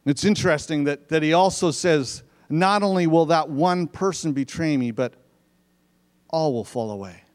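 A man with a fairly high voice preaches a sermon in a church sanctuary at a moderate pace with few pauses. He reads verses and explains them conversationally, and the recording carries the long reverb of a church hall.

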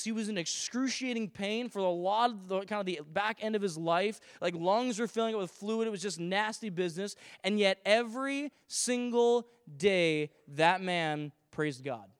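A pastor delivering a sermon in a high, light voice. He preaches with animated emphasis, slips into jokes and acted-out quotes, and his words ring through a church hall with a long reverb. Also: clean tone. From Canada. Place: church sanctuary.

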